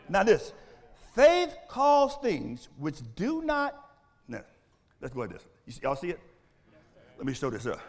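Animated preacher man, high lively voice. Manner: animated preaching, rising to shouts; asks the congregation questions. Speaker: pastor. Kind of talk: sermon.

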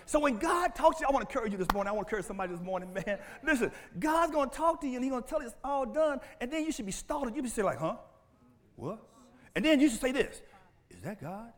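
A man preaching a sermon, asking the congregation questions and rising to shouts. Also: very high-pitched. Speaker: pastor.

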